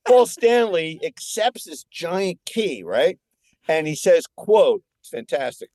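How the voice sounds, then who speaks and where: A man in his sixties, a filmmaker guest on a podcast, telling stories in an animated, excitable way. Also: a little high, slow, dry recording, studio quality. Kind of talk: casual podcast chat.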